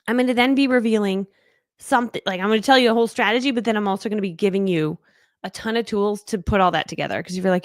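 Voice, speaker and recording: Bubbly woman coach in her thirties, chatty and playful, medium pitch, dry close sound. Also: gravelly, no room sound. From New England, United States. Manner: bubbly, chatty, animated, with laughs and playful acted quotes. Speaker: online business coach. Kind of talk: live training webinar.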